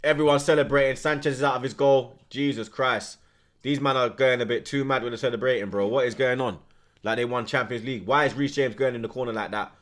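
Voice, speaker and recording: A young man giving loud, animated live reaction commentary while watching a football match, full of slang and rants. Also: mid-range voice, fast. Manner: animated, ranting, London slang.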